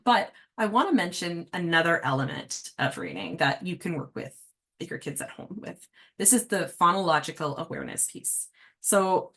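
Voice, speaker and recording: A woman reading specialist talks parents through reading activities in a relaxed, chatty way. Her pitch sits mid-range for a woman. She leans on little fillers as she explains. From Canada. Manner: friendly, casual teaching with fillers. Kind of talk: parent workshop talk.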